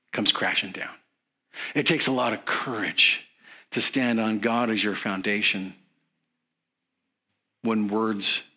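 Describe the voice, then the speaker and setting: Slow, bright-voiced male preacher. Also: lowish voice. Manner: earnest, conversational preaching with questions to the congregation. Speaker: pastor. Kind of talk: sermon.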